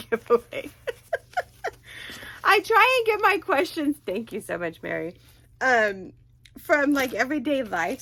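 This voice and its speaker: Slow-talking gushing woman unboxing gifts. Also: fairly high pitch, a bit bright, no echo. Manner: gushing, gasps and squeals with delight. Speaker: crochet channel host. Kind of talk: casual unboxing vlog. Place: home craft room.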